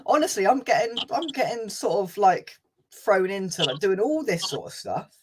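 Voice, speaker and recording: A man's voice: sits high, sing-song, normal speed, darkish tone, breathy edge. A man hosting a casual fan live stream, chatting, reading out viewer comments and laughing easily. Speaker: fan channel host.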